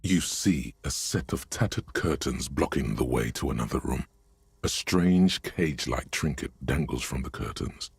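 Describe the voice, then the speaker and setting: Game narrator, brooding and ominous: very deep, gravelly, husky, dry close sound. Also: male voice, normal speed, no echo, full character voice. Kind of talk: video game voice acting.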